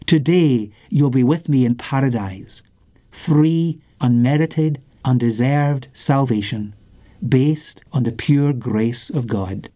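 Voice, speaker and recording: A man preaching a sermon in measured, rhythmic phrases, repeating lines with long pauses between them. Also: mid-range voice, a little mellow.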